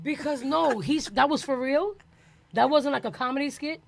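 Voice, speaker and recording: A woman co-hosting a radio show, reacting in an animated, exclamatory way. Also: high-pitched, moderate pace, vocal fry, a little hiss or hum. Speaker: radio co-host. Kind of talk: casual radio talk.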